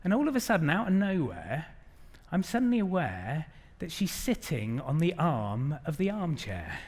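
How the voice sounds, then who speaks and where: A middle-aged man giving an animated keynote talk to a live audience, acting out the quotes in his stories. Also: fairly high pitch, normal speed, breathy edge. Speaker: conference speaker.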